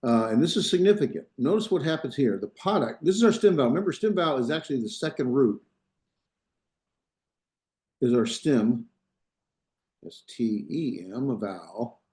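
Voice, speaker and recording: A man's voice: medium pitch, expressive, moderate pace, pauses often, a little mellow. A man teaching a Biblical Hebrew grammar class, explaining step by step, thinking aloud and checking in with his students. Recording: echoey classroom.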